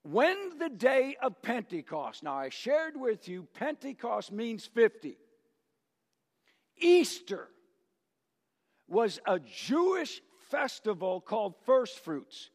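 Older guy preaching in a church, pretty high voice, slow delivery, lots of echo, chuckles as he goes. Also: sing-song. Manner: emotive storytelling with jokes, chuckles often. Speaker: pastor. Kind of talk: sermon. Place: church sanctuary. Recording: long church reverb.

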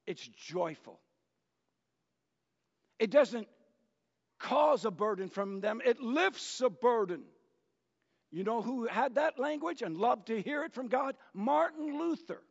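A man preaching a sermon as pastor, in an unhurried storytelling manner that works in jokes. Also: extremely high pitch, expressive, vocal fry, slightly rough. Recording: dull lo-fi church recording with long reverb.

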